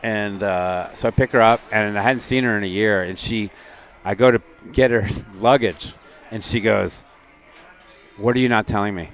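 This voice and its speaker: A middle-aged man co-hosting a podcast in casual chat, telling stories in an animated, joking way. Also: fairly low pitch, normal speed, faint music behind. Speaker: podcast co-host.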